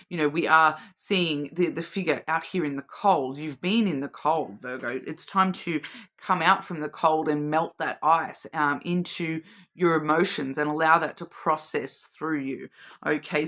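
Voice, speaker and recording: A deep, slightly bright female voice belongs to the host of a weekly oracle card reading. Musing as she goes, she repeats words in search of meaning and turns to the listener now and then with "okay?"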